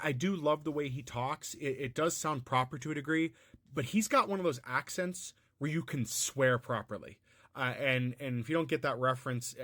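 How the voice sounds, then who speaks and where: A man's voice: mid-range voice, a bit bright, no room sound, clean studio sound. An American man giving unscripted, musing commentary, often restarting his sentences. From United States. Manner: rambling and musing, frequent restarts and fillers.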